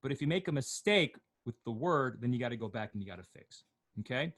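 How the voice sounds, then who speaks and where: A man teaching an online class, slowly chanting Torah words and notes, then explaining them in quick, joking asides. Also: mid-range voice, animated, a bit bright. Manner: jokey, asks questions of the class.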